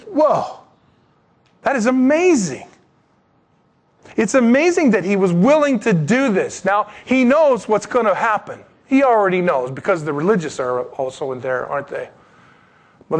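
A middle-aged male pastor giving a sermon in an animated, joking way, with sudden drops to quiet asides. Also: sits high.

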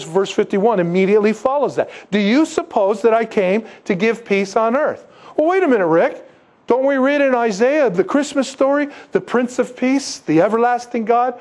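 A male pastor preaching with a high voice that climbs higher when he presses a point. He moves between loud exhortation and hushed low asides, throwing in rhetorical questions and casual slang. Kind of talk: sermon.

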